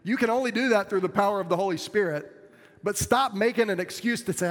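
A man's voice: high voice, fast. Earnest pastor man preaching in a reverberant hall. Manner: earnest, plainspoken, self-deprecating with laughs. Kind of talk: sermon.

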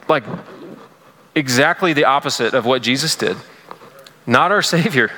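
A man's voice: mid-range voice, normal speed, pushed and bright, big-room sound. A man preaching a sermon in a casual, conversational way, full of fillers. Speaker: pastor.

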